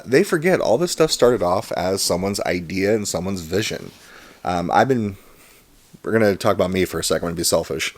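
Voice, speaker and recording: A man's voice: low voice, dry recording. A man in his thirties hosting a casual unboxing vlog, chatty and rambling, with an enthusiastic manner. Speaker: comic collector and channel host.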